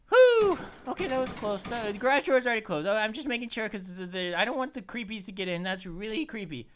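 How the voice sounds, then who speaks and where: A woman talks through a spooky game in a casual, chatty way, reacting loudly whenever something startles her. Her voice sits a little high and swings widely in pitch, rising sharply when she gets excited. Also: brisk. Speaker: let's play host. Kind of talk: casual gameplay commentary.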